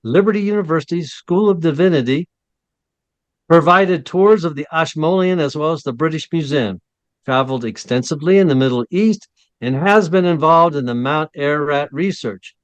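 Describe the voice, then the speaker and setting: A man hosts a casual interview, his voice sitting a bit high for a man. He rambles and trips over his words, laughing at himself. The sound is close and dry, with no room around it. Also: normal speed, dry recording, lo-fi sound. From Ohio, USA. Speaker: host.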